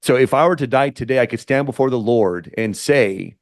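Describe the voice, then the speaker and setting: A man's voice: medium pitch, brisk, no echo, studio quality. A man hosting an interview podcast, fervent and faith-driven, often stumbling and repeating his words. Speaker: podcast host.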